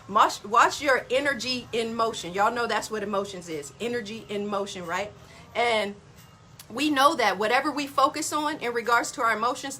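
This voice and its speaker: A woman's voice: on the high side, sharp tone. A middle-aged woman hosting a casual motivational talk, chatty and folksy, calling her listeners y'all. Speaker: wellness podcast host.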